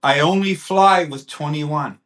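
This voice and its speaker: A man in a casual chat, telling stories in a rambling way with halting restarts. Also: fairly high pitch, fairly bright tone.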